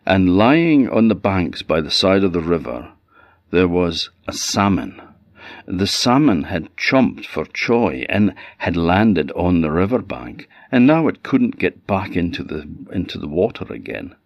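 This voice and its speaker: A man with an Orcadian accent telling a folktale in an unhurried, conversational way with asides. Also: deep voice, big pitch swings, dry recording. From Orkney, Scotland. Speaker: storyteller. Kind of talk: oral folktale storytelling. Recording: slightly dull dry audio.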